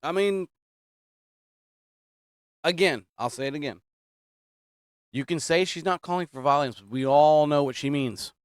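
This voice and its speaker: A man's voice: fairly high pitch, a little slow, pauses often, smooth, no echo, studio quality. A man hosting political commentary, talking casually and emphatically, repeating his points and drifting off topic. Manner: repetitive, emphatic, digressing.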